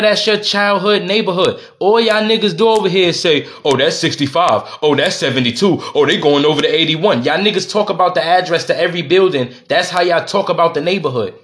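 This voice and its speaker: Ranting angrily and swearing, a male podcast host keeps circling back over the same points. His voice is high-pitched with a fairly bright tone.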